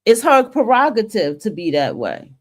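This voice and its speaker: A woman's voice: mid-range voice, huge pitch swings, moderate pace. Blunt, profane woman ranting. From northern United States. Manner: blunt, profane and emphatic, with frequent restarts. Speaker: host of a talk stream. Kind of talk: opinion monologue.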